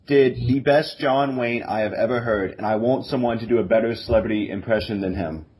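A man's voice: medium pitch, fairly quick, darkish tone, slight background noise, low-quality recording. A man hosting a podcast interview, asking light questions in an easygoing way. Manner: easygoing, laughs along, brief prompts. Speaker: podcast host. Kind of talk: casual interview.

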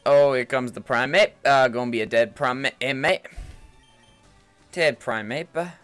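A man putting on a bad British accent as a cheeky young bloke, loud and taunting, on a headset mic. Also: medium pitch, a little slow, clear, resonant tone, faint music behind, lightly acted. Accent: put-on British. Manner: loud, taunting, repeats "mate".

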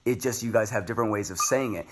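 A man, a former gymnast, hosting an interview and telling stories in an animated, conversational way. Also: lowish voice, fast, background noise. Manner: animated, anecdotal storytelling. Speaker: podcast host, former gymnast.

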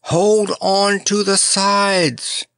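A man voicing a shrill, bossy male character who shouts directions. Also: little pitch movement, extremely slow, creaky, no echo, studio quality, exaggerated voice. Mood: angry.

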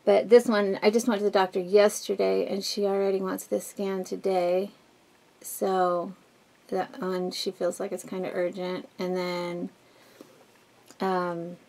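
A woman vlogger with a husky, smoky voice, chatting candidly at home while doing her makeup, rambling with many fillers and restarts. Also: mid-range voice, darkish tone. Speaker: beauty vlogger. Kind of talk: casual get-ready-with-me chat.

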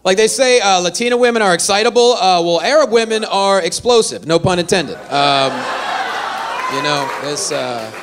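Lively high-voiced man doing stand-up. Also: moderate pace, a little hiss or hum. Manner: animated, self-deprecating storytelling. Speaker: stand-up comedian. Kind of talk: stand-up comedy set. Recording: live venue with faint audience.

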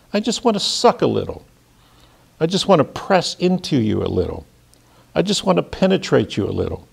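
A man's voice: mid-range voice, creaky, darkish tone, breathy edge, pitched above the performer's own voice, heavily acted. A man reading a menacing monologue aloud as a sinister seducer who repeats himself insistently.

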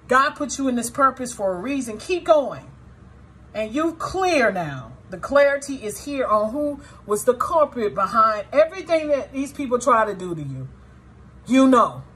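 A woman's voice: a little high, a bit bright, a little hiss or hum. A woman giving a tarot reading to her viewers, blunt and often profane, swinging between sorrow and indignation as she talks straight to the audience. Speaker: tarot reader.

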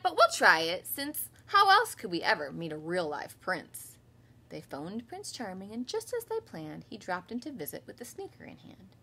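Livestreaming from home, a kindergarten teacher in her thirties brings a picture book to life by giving the characters voices, before moving on to letter sounds. She speaks at a normal pace in a bright, fairly high voice with a touch of breathiness, swooping animatedly through the tale.

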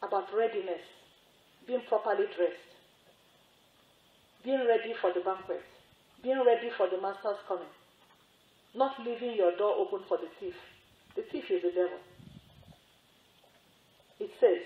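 A religious sister giving a sermon, telling a story with repetition and emphatic rising exclamations. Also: female voice, mid-range voice, unhurried, long pauses. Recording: echoey, phone-like narrow sound.

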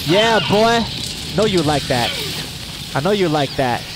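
A man streaming a video game live, shouting excited curses and taunts at the enemies. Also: high voice, unhurried, heavy background noise. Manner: loud excited cursing and taunting. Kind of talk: live gameplay commentary. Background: game music.

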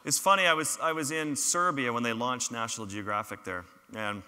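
A man's voice: mid-range voice, brisk, sharp tone, clear, resonant tone. A photographer giving a public talk, telling his field stories with humorous, self-deprecating asides. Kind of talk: storytelling lecture with slides. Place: large lecture hall. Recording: reverberant lecture hall.

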